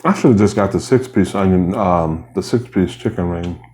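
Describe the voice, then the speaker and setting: A man's voice: low voice, normal speed, darkish tone, slight background noise. A man vlogging while he eats, chatting casually and rambling between bites. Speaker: mukbang vlogger. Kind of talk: casual chat while eating.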